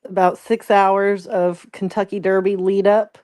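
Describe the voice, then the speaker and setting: A woman co-host in casual chat, talking quietly and relaxed while lying in bed. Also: mid-range voice, unhurried, dry recording, clean studio sound.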